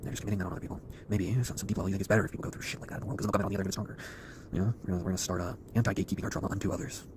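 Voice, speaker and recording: A man ranting fast to camera in an intense, swearing, preachy way. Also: low voice, fairly even intonation, noisy background. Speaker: online video creator.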